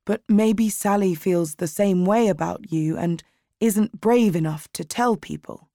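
A woman reading aloud and voicing a kind, patient male school librarian in a soft, lowered voice. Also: unhurried, no echo, clean studio sound, lightly acted. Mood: gentle.

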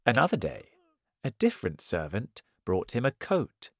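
A man reading a simple story aloud in a slow, clear storytelling manner. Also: mid-range voice, wildly swooping pitch, fairly bright tone, no echo, clean studio sound. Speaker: narrator. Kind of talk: scripted story narration.

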